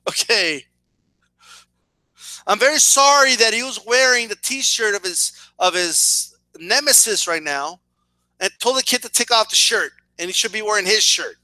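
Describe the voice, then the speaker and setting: A man with a high, very bright voice rants to his camera, sarcastic and swearing freely. He stumbles and repeats himself as he builds steam. The sound is dry and close, with almost no room echo. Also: expressive, moderate pace. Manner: sarcastic, profane, repeats words when worked up. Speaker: boxing and wrestling commentator. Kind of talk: casual video rant.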